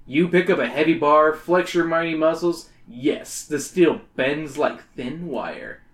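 A man's voice: on the high side, animated, a little slow. Joking man reading aloud in an echoey room. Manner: joking, crude asides. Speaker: podcast host reading a gamebook aloud. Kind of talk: comedic read-aloud with banter.

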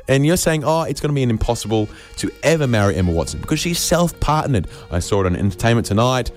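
A man's voice: mid-range voice, lively intonation, fast, hardly any pauses, faint music behind. An Australian man hosting a comedy radio show, spinning a rambling, absurd monologue with stammered restarts.

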